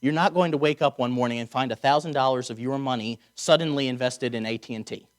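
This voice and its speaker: A man preaching a conversational sermon, slowing down to stress key words and dropping wry asides. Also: medium pitch. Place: chapel or auditorium.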